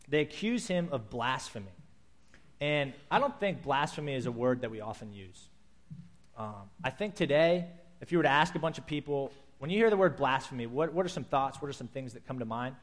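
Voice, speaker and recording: A man, a pastor, preaching a sermon to his congregation in a conversational way, acting out quotes as he goes. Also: medium pitch.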